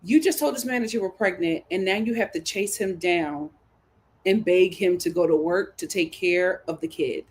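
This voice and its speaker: This woman's lowish voice is a little mellow and moves at normal speed as she recaps reality TV solo. She is blunt, dramatic, and sassy, acting out quotes in voices.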